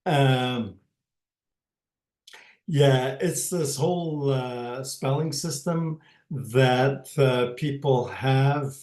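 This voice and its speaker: Slow, halting man with a northern Ojibwe accent. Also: mid-range voice. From northern Ojibwe community in Canada. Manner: halting, many pauses and fillers, soft chuckles. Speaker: Ojibwe language teacher. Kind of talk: informal online language class. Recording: roomy, echoey room.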